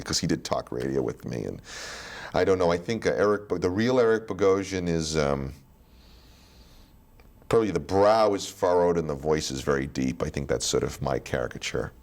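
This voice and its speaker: A man being interviewed as a guest actor, telling stories in a casual, animated way and slipping into other voices. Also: rumbling low, creaky. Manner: animated storytelling, slips into voices.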